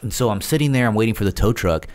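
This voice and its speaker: A man's voice: on the low side, expressive, very fast, a little mellow. A man talking as a podcast guest, telling a story casually with frequent fillers and chuckles.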